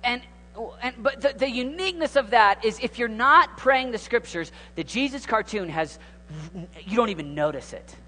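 A high-voiced man in his thirties preaches in a loose, conversational way. He rambles, drops to hushed asides and then jumps up into excited exclamations. His voice rings out with a long reverb. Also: moderate pace, a little hiss or hum. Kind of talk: informal sermon.

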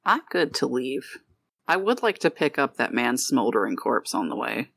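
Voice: mid-range voice, very animated, normal speed, gravelly, a bit bright, dry recording. Tabletop player hamming it up, voice bouncing everywhere, dry sound. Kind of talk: in-character tabletop role-play.

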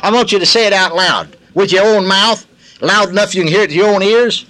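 High, bright-voiced older preacher. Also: male voice, a little fast. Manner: folksy, emphatic, plain-spoken. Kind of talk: sermon leading a call-and-response. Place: large gathering, live recording.

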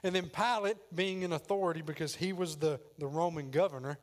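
A man's voice: fairly high pitch, brisk. A man preaching a sermon, dramatic as he acts out the voices in the story. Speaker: pastor.

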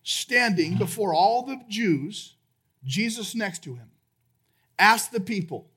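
A male pastor preaching a sermon, retelling the story dramatically and acting out the shouts of a crowd. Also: high-pitched, expressive, slow pace, slightly rough. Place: church sanctuary.

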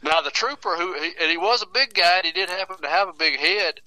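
A man's voice: high voice, bright, forceful tone, poor audio. A man telling a folksy tale as a radio guest, chuckling and restarting as he goes. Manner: chuckles through his tales, halting repeats. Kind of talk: folksy storytelling.

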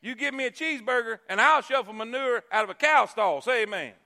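A male pastor preaching a sermon, repeating key phrases and swinging from loud emphasis to hushed asides. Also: very high voice, animated, brisk.

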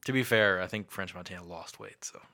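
A man with a low but bright, forceful voice hosts a casual podcast. He keeps the conversation moving, throwing out questions and firm quick opinions.

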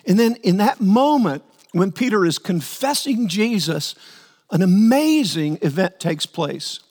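A man's voice: sits high, very animated, measured pace, a little mellow. A male pastor preaching a sermon earnestly, repeating words as he builds his points and acting out the quotes. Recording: long hall reverb.

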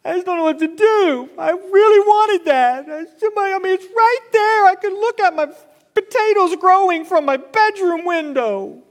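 A self-pitying king whines and pouts in a high, thin voice, as a man puts him on. The voice rises well above its usual pitch and carries a long church reverb behind it. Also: lively intonation, moderate pace. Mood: whiny. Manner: whining, pouting. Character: whiny sulking grown king, self-pitying.

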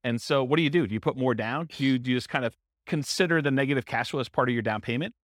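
In a dry, clean studio recording, a man with a medium-pitched voice teaches a live class on real estate investing. He answers a question quickly and conversationally, thinking aloud and asking himself rhetorical questions.

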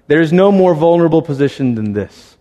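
A man's voice: fairly high pitch, expressive, a little fast, warm tone, highs cut off. Man preaching with long hall reverb. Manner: conversational, acts out voices. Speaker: pastor. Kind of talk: sermon.

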